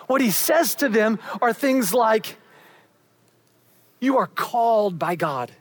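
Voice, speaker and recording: A preacher delivering a sermon, building up with emphasis and then dropping to hushed, quiet endings. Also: mid-range voice, expressive, takes it slowly.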